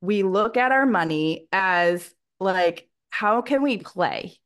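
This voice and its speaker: A woman's voice: mid-range voice, animated, slow, fairly bright tone. A woman in her thirties co-hosting a podcast, speaking in a reflective, encouraging way about mindset. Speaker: podcast co-host. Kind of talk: casual podcast chat.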